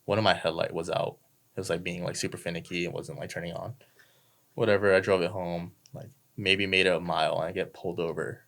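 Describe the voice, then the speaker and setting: A man's voice: deep voice, fairly even intonation, fast, creaky, fairly bright tone. A young man, a podcast guest telling a story casually, laid-back and swearing freely. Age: young adult.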